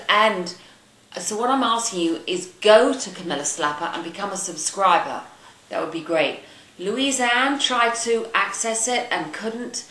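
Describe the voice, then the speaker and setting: A woman's voice: medium pitch, a little slow, sharp tone. A woman from London with a Cockney accent, ranting bluntly to her viewers and swearing casually. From London, England. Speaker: video blogger. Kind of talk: ranting to camera. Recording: echoey room, faint ambient noise.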